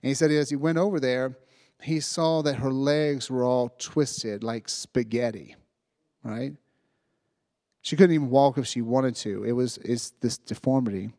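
A man preaching to young people, retelling a story with lively asides and checking in with "right?" as he goes. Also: mid-range voice, measured pace, no room sound, clean studio sound. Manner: animated retelling, acting out voices, frequent "right?". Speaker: youth preacher. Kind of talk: storytelling sermon.

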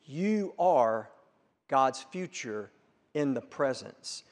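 A man preaching a sermon, piling up emphatic repeated phrases that build to forceful peaks. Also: medium pitch, lively intonation, drawn-out words. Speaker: pastor. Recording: long reverb of a large room.

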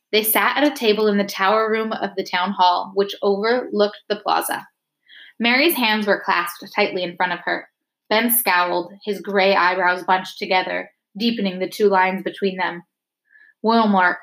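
A woman reading a novel chapter aloud, steady and expressive. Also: mid-range voice. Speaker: reader.

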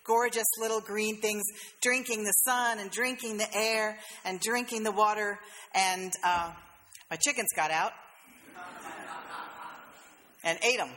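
A woman's voice: mid-range voice, steady tone, moderate pace, bright, forceful tone, big-room sound, slight background noise. A woman pastor, preaching a sermon in a conversational, storytelling way with playful asides. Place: church sanctuary.

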